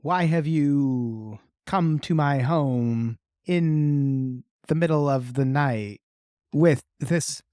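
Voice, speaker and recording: A woman voicing an intimidating sorceress mother, speaking slowly and menacingly. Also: low-pitched, dark tone, no echo, studio quality. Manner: slow and menacing.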